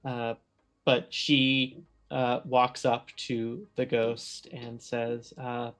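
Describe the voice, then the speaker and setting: A man narrating as game master of a tabletop role-playing game, often pausing with fillers as he describes the scene. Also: medium pitch, level tone, a bit bright, soft background music. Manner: hesitant, filler-heavy narration.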